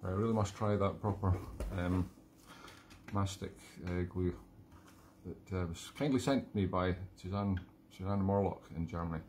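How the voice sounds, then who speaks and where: A man's voice: low-pitched, normal speed, darkish tone, slight background noise. A Scottish man hosting a live music stream, chatting casually and rambling between tunes in a self-deprecating way. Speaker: musician hosting a livestream show.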